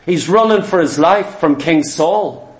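A man preaching a sermon in an emphatic, repetitive style that at times rises to shouts. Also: fairly high pitch, expressive, unhurried. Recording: echoey room.

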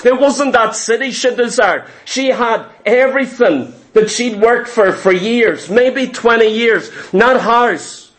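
A man's voice: extremely high pitch, slow pace, few pauses, fairly bright tone. A man preaching a sermon, retelling Bible stories with emphasis and acting out the characters' lines. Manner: emphatic storytelling, acting out biblical dialogue.

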